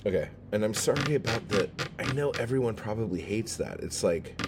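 A man's voice: lowish voice, animated, brisk, very noisy. A man hosting a podcast alone, sarcastic and swearing constantly as he rambles. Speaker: podcast host. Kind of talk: sarcastic profane podcast monologue.

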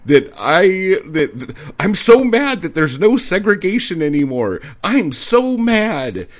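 A man voicing a shrill, whining reactionary man as a mocking parody. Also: very animated, slow pace, heavily acted. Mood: mocking whine.

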